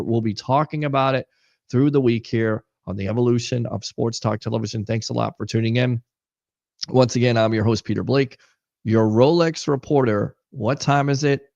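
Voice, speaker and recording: A man hosting a casual sports talk show, keeping his voice down in a near monotone. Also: medium pitch, brisk, gravelly, no echo, highs cut off. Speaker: host.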